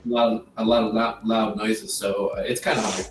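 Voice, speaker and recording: A man chatting casually as a guest, earnest and halting, often repeating words as he starts his sentences. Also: on the low side, flat delivery, a little hiss or hum. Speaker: guest, group member. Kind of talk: casual chat. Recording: roomy sound from far off the mic.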